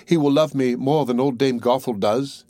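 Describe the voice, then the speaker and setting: A man voicing a gentle young maiden in a storybook reading, speaking in a light, quick, earnest way. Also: mid-range voice, no echo, studio quality, natural voice.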